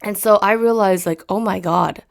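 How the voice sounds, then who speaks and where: A woman's voice: medium pitch, moderate pace, creaky. A young woman who grew up in Japan, chatting casually as an interview guest and telling stories with lots of fillers. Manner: animated storytelling with fillers. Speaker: musician guest.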